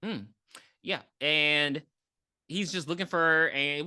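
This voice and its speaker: A woman co-hosting a podcast, recapping a horror movie in a casual, profane, animated way with acted-out quotes. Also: low voice, unhurried, no room sound, clean studio sound. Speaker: podcast co-host.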